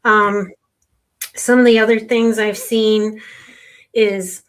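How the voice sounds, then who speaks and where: A woman's voice: mid-range voice, little pitch movement, slow pace, pauses often. Woman earnestly explaining tax on a podcast. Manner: explains earnestly with client stories. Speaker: sales tax consultant guest. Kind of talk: podcast conversation.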